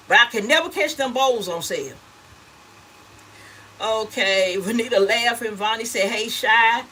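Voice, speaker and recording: Bright-voiced middle-aged woman chatting live. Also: on the high side, animated, moderate pace, slight background noise, poor audio. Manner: chatty and homey, calls viewers honey and baby. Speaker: gift basket seller hosting a livestream. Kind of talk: casual live chat reading viewer comments.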